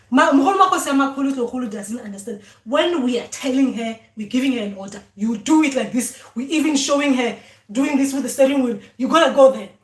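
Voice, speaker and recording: A woman's voice: on the high side, roomy sound. A woman giving a casual spiritual talk about dreams, often repeating words and voicing what her ancestors say. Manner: repetitive, voices ancestors speaking.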